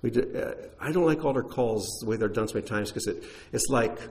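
Leading his congregation, a pastor with a medium pitch, quick pace and darkish tone answers questions. He talks casually and explains things, using fillers and restarting often.

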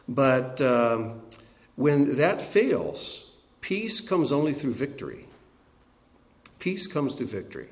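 Older man, pastor, mid-pitched voice, sermon with emphatic rises and hushed drops. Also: animated, a little slow. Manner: swings from emphatic peaks to quiet asides.

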